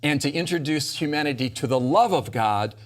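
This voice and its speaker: A man's voice: a little high, lively intonation, fairly quick. A man hosting a Bible discussion, teaching with emphatic stress as he quotes scripture. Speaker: host leading a Bible study discussion. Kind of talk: animated teaching in a round-table talk.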